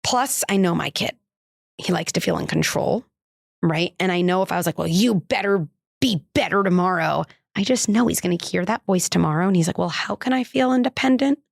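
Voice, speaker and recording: Candid woman with a gravelly edge. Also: a little fast, no room sound, clean studio sound. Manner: candid and conversational, many "like" fillers; acts out quoted dialogue with lifted pitch. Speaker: parenting psychologist and podcast host. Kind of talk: podcast monologue, personal story.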